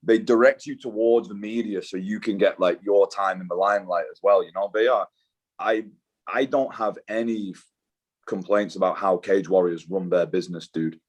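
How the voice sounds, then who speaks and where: Brief: young British man, fairly low voice, relaxed and slangy, drops swears. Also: normal speed. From Britain. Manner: laid-back, slangy, swears, says "dude". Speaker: guest, mixed martial arts fighter. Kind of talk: casual interview chat.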